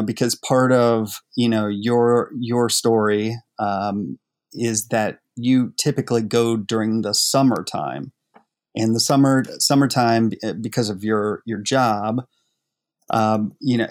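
A man hosting an interview, asking long, hesitant questions full of fillers. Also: fairly low pitch. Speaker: interview host.

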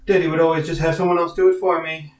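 A man putting on a spoiled, pompous Southern preppy gentleman. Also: on the high side, flat delivery, fast talker, natural voice. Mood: haughty. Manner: drawling, fussy, entitled. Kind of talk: comedic voice impression. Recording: roomy echo.

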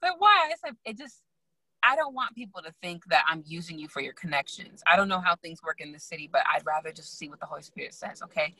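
A young adult woman, a guest and magazine founder, telling her story in a lively way, acting out quoted voices and laughing often. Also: low voice, fast talker, no room sound, rough recording. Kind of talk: animated storytelling in casual chat.

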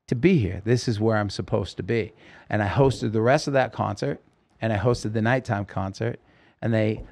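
A man telling his life story as a podcast guest, acting out the voices of people he quotes. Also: mid-range voice. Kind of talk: storytelling interview. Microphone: podcast microphone.

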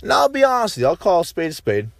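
A man's voice: high-pitched, wildly swooping pitch, rapid-fire, gravelly, no room sound. Profane ranting man, dry close sound. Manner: frequent "right?" tags and restarts. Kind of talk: casual political monologue.

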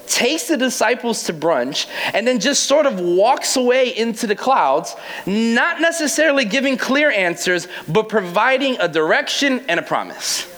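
A man's voice: high-pitched, fairly bright tone, low-quality recording. A young adult man preaching a casual, playful sermon as pastor, acting out quoted voices with laughs.

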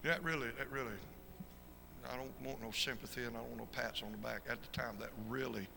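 A man preaching a fervent sermon as an evangelist, swinging from shouted peaks to quiet storytelling. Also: medium pitch, fairly even intonation, quick pace, creaky. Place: church sanctuary. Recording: reverberant church hall with faint noise.

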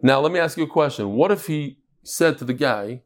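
A Talmud teacher with a voice a little on the high side leads an animated class full of storytelling, speaking fairly quickly with few pauses. He keeps weaving in Hebrew terms and repeats words for emphasis.

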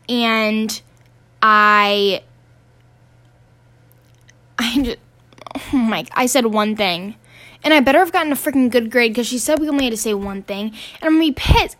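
A teenage student podcaster with a somewhat bright voice on the high side rants casually, exasperated and swearing, rambling and restarting her sentences.

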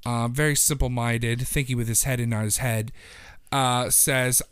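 Bright, chatty male podcast host. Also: medium pitch, fairly even intonation, moderate pace, clear, resonant tone, dry recording, clean studio sound. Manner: chatty storyteller, playful. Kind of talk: casual chat, telling a joke.

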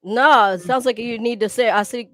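A woman's voice: fairly high pitch, normal speed, fairly bright tone, dry recording. A woman co-hosting a podcast, with brief, dry and teasing replies. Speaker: podcast co-host. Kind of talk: casual podcast banter.

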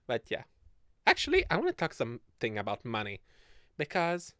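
Young man in his twenties, podcast host, rambling chatter, lively swooping pitch, dry close sound. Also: moderate pace, dry recording. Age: 20s. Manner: rambling and giggly, laughing often mid-sentence. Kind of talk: casual solo podcast chat.

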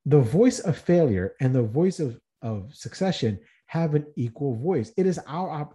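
A man's voice: a little high, sing-song, normal speed, few pauses, mellow. A man hosting a podcast, speaking in an earnest motivational monologue with rhetorical questions and frequent restarts. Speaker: podcast host.

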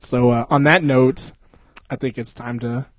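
A man's voice: mid-range voice, fairly even intonation, measured pace, dry recording. Profane, rambling young man podcasting. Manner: rambling, profane, laughs often. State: sleepy. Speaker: podcast host. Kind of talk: casual chat. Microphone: close podcast mic.

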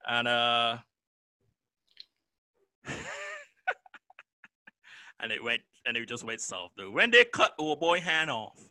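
A man's voice: mid-range voice, slow pace, pauses often, slight background noise. A young man co-hosting an anime podcast, chatting casually and acting out his friends with laughter. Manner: animated, laughing, acts out quoted friends. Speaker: podcast co-host. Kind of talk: casual chat.

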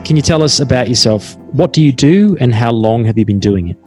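A man's voice: medium pitch, lively intonation, a little fast, darkish tone, soft background music. An Australian man hosting a casual podcast interview, with a laid-back, jokey, matey manner. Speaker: podcast host.

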